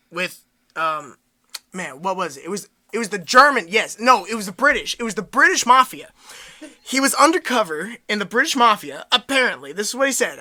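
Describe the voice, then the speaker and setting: A man's voice: high-pitched, animated, fairly quick, bright, forceful tone. A young man co-hosting a podcast, telling a long story animatedly and laughing along the way. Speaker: podcast co-host. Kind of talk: casual storytelling.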